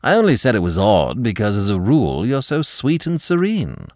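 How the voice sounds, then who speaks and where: Secretive husband in a storybook reading, deep and grave, dry close sound, as the narrator plays him. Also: male voice, wildly swooping pitch, darkish tone, dry recording. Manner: grave, low, deliberate. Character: husband, smooth-talking, secretive, quick to anger. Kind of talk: audiobook character reading.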